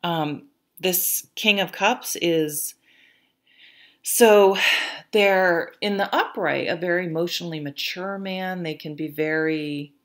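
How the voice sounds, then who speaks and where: A woman's voice: lowish voice, slow. A woman giving a casual tarot reading, chatty, with lots of fillers and restarts, and now and then laughing at her own stories. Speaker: tarot reader.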